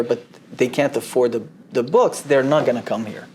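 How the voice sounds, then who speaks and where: A man in his forties, a college administrator, speaking earnestly with many fillers and pauses. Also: mid-range voice, lively intonation, darkish tone. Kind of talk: casual discussion.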